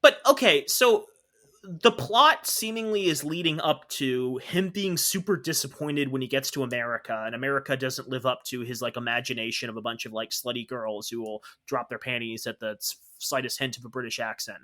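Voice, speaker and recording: A man's voice: mid-range voice, fairly quick, bright, forceful tone. A man co-hosting a podcast, ranting sarcastically in casual chat. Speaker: podcast co-host.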